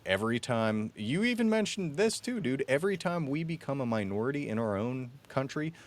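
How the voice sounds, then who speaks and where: A man's voice: a little high, expressive, brisk. A man hosting a podcast, talking in an emphatic, ranting way and often calling his guest "dude". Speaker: podcast host. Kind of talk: casual podcast chat. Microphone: own podcast mic, remote call.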